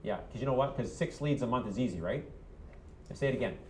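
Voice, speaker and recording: A man's voice: medium pitch, animated, brisk, reverberant, a little hiss or hum. A man coaching a room of real estate agents, punchy and quizzing them with "yes or no?".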